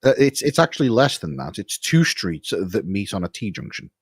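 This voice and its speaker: Low-voiced game master, lively pitch. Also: male voice, gravelly, husky, dry recording. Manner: dry, corrective, measured. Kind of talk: running a tabletop game.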